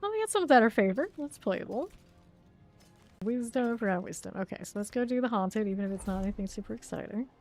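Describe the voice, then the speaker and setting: A woman's voice: on the high side, expressive, fast talker, a little mellow, soft background music. Chatty woman streaming a game. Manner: chatty, rambling, laughs often. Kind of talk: casual live-stream gaming chat.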